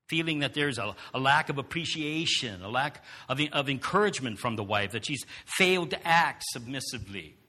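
Preacher man, bright and husky, lively pitch, long hall reverb. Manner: animated, asks the congregation rhetorical questions. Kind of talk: sermon.

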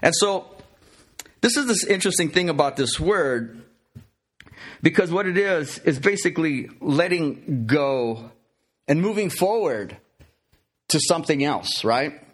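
Male pastor, lively and chatty sermon, a touch high-pitched. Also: unhurried, pauses often, husky. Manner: chatty, many fillers and restarts, playful. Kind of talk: conversational sermon.

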